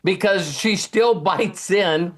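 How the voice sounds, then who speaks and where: Male host with a slightly high voice, rambling and animated casual motivational talk. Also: slow pace. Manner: rambling, animated, often acts out quoted people.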